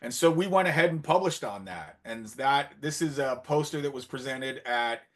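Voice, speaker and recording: A man, a marine biologist, telling an animated story during an online conference talk, acting out the dialogue as he goes. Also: mid-range voice, normal speed. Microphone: video call.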